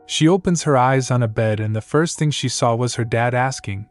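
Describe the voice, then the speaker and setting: A man narrating a story recap in a plain, steady reading. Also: medium pitch, moderate pace, few pauses. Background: faint music.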